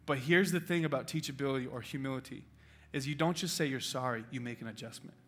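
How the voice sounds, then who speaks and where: A man's voice: mid-range voice, fast, a bit bright. A male pastor preaching a sermon in a church, telling a personal story with emotion and urging his congregation passionately. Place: church auditorium.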